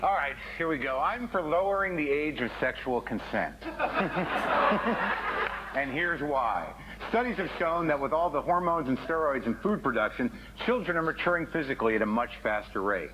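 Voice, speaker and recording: A man comedian on a panel show, giving a mock-serious pitch in a wry, earnest tone and chuckling at his own jokes. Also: animated, moderate pace, pushed and bright, rough recording. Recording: TV audio with background noise.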